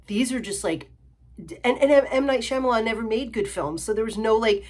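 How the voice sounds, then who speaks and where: A woman's voice: fairly high pitch, brisk, a little mellow. A young adult woman reviewing films in a sarcastic, exasperated rant, full of "like" and "you know.". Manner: exasperated, sarcastic, filler-heavy ranting. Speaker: film reviewer. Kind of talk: ranting film review vlog.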